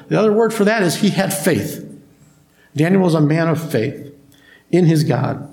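A man preaches to his congregation, retelling scripture in a relaxed, conversational way and stopping to put questions to the room. His voice sits a little high for a man. The sound echoes through a church hall. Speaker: pastor. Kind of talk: sermon.

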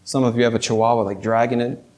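A man's voice: medium pitch, little pitch movement, fast, a little mellow. A man preaching a sermon, telling a fable and then pressing his listeners with rhetorical questions. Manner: storytelling, rhetorical questions to the congregation.

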